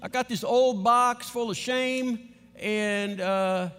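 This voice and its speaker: Brief: man playing a politely insistent mover, high-pitched, in a reverberant hall. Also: slow, a bit bright, smooth, full character voice. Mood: asking. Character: polite male moving-truck worker asking permission.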